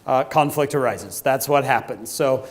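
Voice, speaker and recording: A man giving a humorous talk to a youth conference, telling a story with lively acted-out quotes. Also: mid-range voice, normal speed. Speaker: youth speaker. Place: conference hall.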